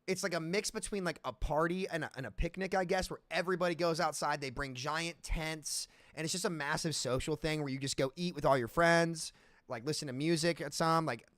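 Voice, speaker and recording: A man's voice: on the high side, no room sound. Chatty man on a dry headset mic. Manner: animated storytelling, stumbles and restarts. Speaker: streamer and podcast host. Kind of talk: casual podcast chat.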